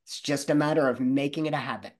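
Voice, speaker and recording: A man's voice: mid-range voice, steady tone, fast talker. A man who trains salespeople, answering interview questions in a confident, coaching manner.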